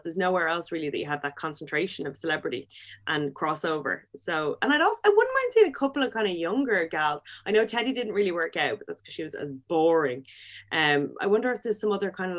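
A young woman with a slightly low voice talks in a loose, gushing way and giggles often between her words. Her chat runs on with fillers and bursts of excitement. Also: fairly quick. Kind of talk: casual chat.

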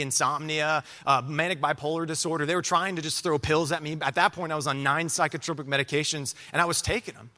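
Bright-voiced man preaching his testimony. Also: on the high side. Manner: halting, repeats words, swells from hushed to loud preaching. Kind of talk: sermon testimony. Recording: hall reverb.

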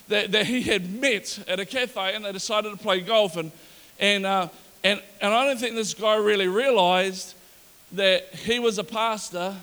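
A male pastor preaching a sermon in a lively storytelling manner and acting out the people in the story. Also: sits high, in a large hall. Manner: animated, storytelling, acts out the characters.

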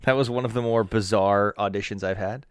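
Co-host type, smooth clear male voice, dry close sound, jokey storyteller who swears, a bit unwell. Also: fairly low pitch, fairly even intonation, brisk, no room sound. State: feeling unwell. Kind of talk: casual chat.

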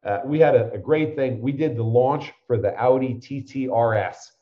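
A man's voice: medium pitch, normal speed, echoey room, highs cut off. Rambling storyteller man in his fifties. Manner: rambling anecdotes, acts out the people he quotes. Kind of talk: conversational storytelling.

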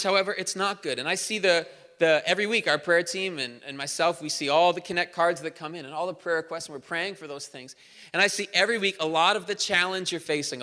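A man preaching a sermon in a church, energetic and conversational, with humor. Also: sits high, long reverb tail. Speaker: pastor. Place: church auditorium.

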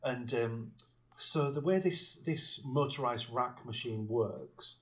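A man co-hosting a podcast recaps a film in casual chat, speaking slowly at a medium pitch. He rambles and restarts, with occasional chuckles and swearing.

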